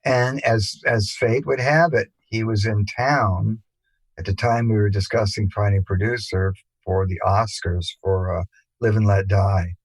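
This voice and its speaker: An older man, a musician guest, telling rambling anecdotes in a relaxed interview, with many fillers and restarts. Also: fairly low pitch, measured pace, dry recording, rough recording. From England.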